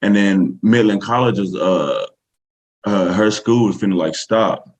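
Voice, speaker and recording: A man's voice: on the low side, a little slow, darkish tone, low-quality recording. A man with a Southern US accent, a podcast guest telling a story casually, rambling with many fillers. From Texas, USA.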